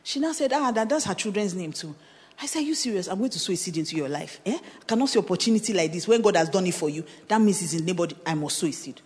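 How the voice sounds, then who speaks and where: A woman pastor with a Nigerian accent, preaching a sermon full of personal testimony, telling her story animatedly with laughter, bits of pidgin and bursts of shouting. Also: on the low side, lively intonation, fast. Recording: reverberant conference hall.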